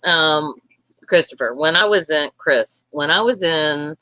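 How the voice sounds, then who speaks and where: A woman's voice: low voice, measured pace, sharp tone, dry recording, rough recording. A young woman with a Southern American accent, talking frankly and profanely in a rambling casual chat as podcast co-host. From Tennessee.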